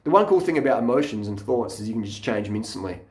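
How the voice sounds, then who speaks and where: A man's voice: fairly low pitch, animated, quick pace, a little mellow, reverberant. A man, vlogging into a handheld camera in a blunt, mocking rant full of swearing. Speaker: fitness vlogger. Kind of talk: profane off-the-cuff rant.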